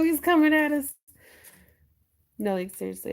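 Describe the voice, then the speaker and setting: Woman host, high and unhurried, casual giggly livestream chatter from home. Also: expressive. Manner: giggly, chatty, reads viewer comments aloud.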